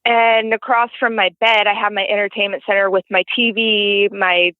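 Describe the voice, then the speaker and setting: A woman's voice: medium pitch, flat delivery, moderate pace, no room sound. Woman on a tinny phone line. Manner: rambling, heavy use of "like" fillers. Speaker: guest caller telling a paranormal story. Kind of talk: casual storytelling over the phone.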